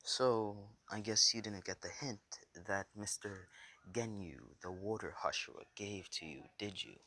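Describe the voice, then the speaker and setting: Cruel male demon lord, mocking, soft and slow, a bit low, as a man puts him on. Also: slight background noise. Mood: sly taunting. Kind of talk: casual fan story reading.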